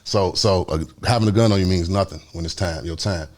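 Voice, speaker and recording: A man, telling a story in a casual interview, animated and acting out the other people's voices. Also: low voice, a little fast. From Chicago. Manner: animated, acts out voices, swings between loud and hushed. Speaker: guest storyteller.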